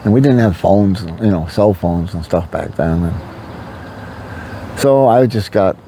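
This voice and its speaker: A man's voice: low voice, slow, warm tone, slight background noise. An older man telling a candid personal story to his vlog audience, rambling with frequent fillers. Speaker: vlogger. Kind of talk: confessional storytelling to camera.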